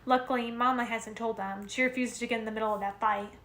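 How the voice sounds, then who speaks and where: A woman reading a novel aloud in the first person at home, steady with small self-corrections. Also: fairly high pitch, fast. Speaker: reader. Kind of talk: amateur audiobook reading of a novel. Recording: roomy echo with faint noise.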